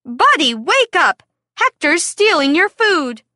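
A woman reading as a bossy farm girl in a storybook, high, bright and scolding, close dry sound with nothing around it. the voice moves slowly, each scolding word set down with care. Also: big pitch swings, no room sound, full character voice. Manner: scolding, pleading.

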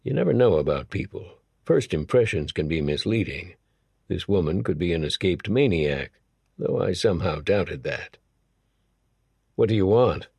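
A man's voice: deep voice, animated, moderate pace, gravelly, darkish tone, breathy edge, no room sound. A man narrating an audiobook in the first person, with a wry, nervous storytelling manner.

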